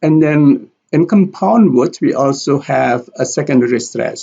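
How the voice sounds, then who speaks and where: Slow, gravelly male English teacher. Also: mid-range voice, lively intonation, mellow, dull audio. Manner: repeats example words carefully. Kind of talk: slow explanatory lesson with spoken examples.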